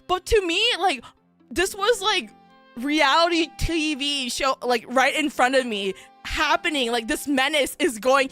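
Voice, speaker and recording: A woman with a high, bright voice tells a story in unhurried casual chat. She is animated and leans on fillers, slipping into the voices of the people she describes. Soft music plays underneath. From United States. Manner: animated, filler-heavy, acts out voices in stories. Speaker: VTuber streamer.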